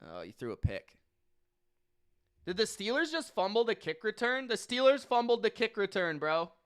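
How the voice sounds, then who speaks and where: A man hosting a live sports reaction stream, giving play-by-play and swearing, swinging from muttering to yelling and repeating himself in disbelief. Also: high voice, wildly swooping pitch, normal speed, clean tone.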